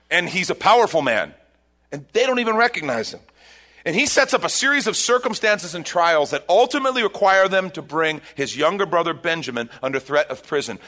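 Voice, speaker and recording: A man preaching a sermon, retelling a scripture story and leaping up in pitch at its dramatic turns. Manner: animated storytelling, voice rising sharply at dramatic points. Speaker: pastor.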